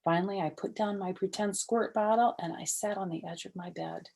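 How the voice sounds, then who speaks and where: An older woman reading a children's chapter book aloud, animated in the lively parts and soft and hushed in the quiet ones. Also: mid-range voice, fairly quick, vocal fry.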